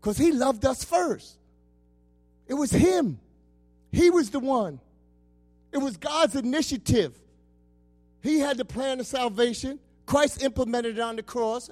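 A man preaching a sermon with passion, swinging from loud calls to soft asides. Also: extremely high pitch, normal speed, soft background music.

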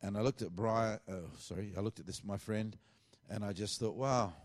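A man's voice: fairly low pitch, moderate pace. A middle-aged man, preaching a sermon as a pastor and telling a story with lots of quoted dialogue. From Australia.

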